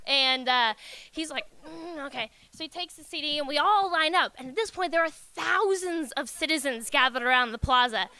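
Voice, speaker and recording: A woman's voice: high voice, normal speed, pushed and bright, dry recording. A young woman from the United States telling a story on stage in a casual, self-mocking way, swearing freely and laughing through the telling.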